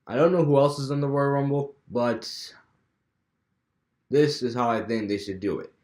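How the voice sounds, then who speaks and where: A young adult man, a wrestling fan vlogger, casually talks through his fantasy wrestling booking in a mid-range, darkish voice at normal speed. He rambles and restarts often. The room is echoey.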